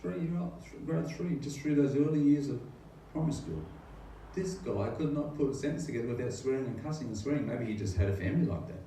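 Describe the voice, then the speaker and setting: A middle-aged pastor talks briskly in a warm, medium-pitched voice as he earnestly tells the story of his faith, rambling and asking rhetorical questions. The recording is very echoey and distant-miked, with slight background noise.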